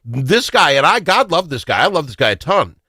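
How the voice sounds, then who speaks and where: A man hosting a talk show, telling stories in a casual, excitable way. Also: a little high, a little fast, husky, no echo, clean studio sound. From Minnesota. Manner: animated, excitable storyteller. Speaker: radio talk show host. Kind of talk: casual storytelling chat.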